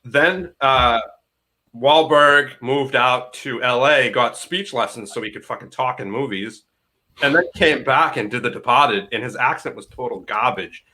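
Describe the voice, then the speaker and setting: A man's voice: medium pitch, measured pace, bright, forceful tone, a little hiss or hum, low-quality recording. A man with a Boston accent, co-hosting a casual livestream and talking in a blunt, profane, emphatic way.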